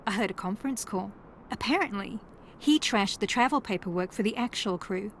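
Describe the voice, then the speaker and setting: Sardonic reality-show contestant lady, voiced by a woman in a mystery game, dry teasing deadpan, middle pitch. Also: brisk, a little hiss or hum, close to an everyday voice. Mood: wry. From New Zealand. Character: wry, sarcastic female reality-TV contestant, former aerialist. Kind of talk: video game voice acting.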